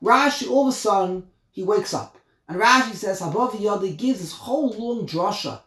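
A man teaching a text study class, explaining word by word, animated and emphatic, often repeating himself. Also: high voice, moderate pace, roomy sound. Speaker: Torah teacher.

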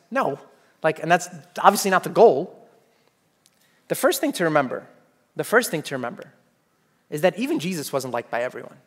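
Animated high-voiced male preacher. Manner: animated, acts out quoted voices, repeats phrases, says "okay?" often. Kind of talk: sermon.

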